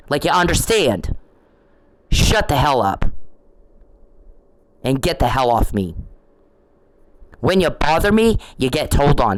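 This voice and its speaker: A woman's voice: sits low, dry recording, low-quality recording. Middle-aged woman, ranting vlog, scolding and repetitive, dry close sound. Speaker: vlogger. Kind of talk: ranting monologue to camera.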